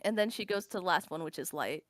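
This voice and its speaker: A woman's voice: on the low side, fast, fairly bright tone, no room sound, studio quality. A woman player on a voice call, describing her character's actions in a hesitant, apologetic way.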